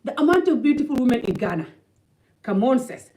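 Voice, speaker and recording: A woman from Africa speaks straight to camera in an opinionated vlog. Her voice is fairly high, and her delivery is blunt and emphatic, with points repeated for stress. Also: big pitch swings, a little fast, mellow, low-quality recording. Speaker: vlogger.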